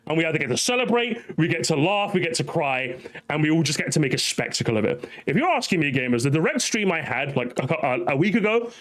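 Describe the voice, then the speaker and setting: A man's voice: a little high, very animated, quick pace, fairly bright tone. A man streaming live, ranting animatedly and talking straight to his chat.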